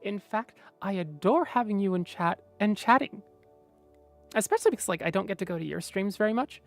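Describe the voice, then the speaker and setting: A woman's voice: medium pitch, animated, a little fast, faint music behind. A woman streamer chatting casually with viewers, rambling and mumbling to herself with lots of fillers.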